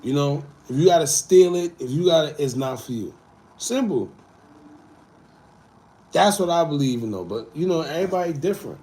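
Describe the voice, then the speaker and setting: A man hosting a casual livestream, reading viewer comments and talking in a loose, animated way. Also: a little high, normal speed, long pauses. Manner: laid-back, animated, swings between loud and muttered asides. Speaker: livestream host.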